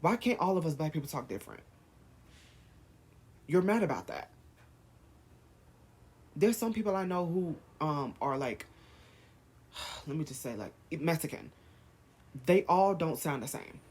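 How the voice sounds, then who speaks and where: A man's voice: a little high, lively intonation, measured pace, long pauses, breathy edge. A man vlogging, firing off heated rhetorical questions in a rant to camera. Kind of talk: ranting to camera.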